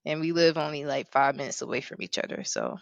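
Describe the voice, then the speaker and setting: A woman's voice: very animated, quick pace, vocal fry, no echo. Playful woman podcast host, dry sound. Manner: playful, bubbly, jumps into sudden high emphasis. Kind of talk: casual podcast chat.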